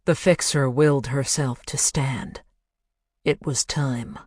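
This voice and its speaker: A narrator reads a thriller at an unhurried pace, measured and hushed. The recording is close and dry, with no room sound. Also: mid-range voice, steady tone, no echo. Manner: measured, hushed, building to intense. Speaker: audiobook narrator.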